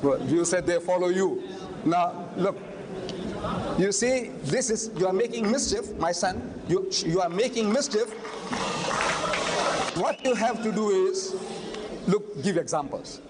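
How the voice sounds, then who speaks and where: An older man lecturing and debating in public, forceful and argumentative, firing rhetorical questions. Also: high voice, expressive, a little slow, pauses often, over a noisy crowd. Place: large lecture hall. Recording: long hall reverb, faint noise.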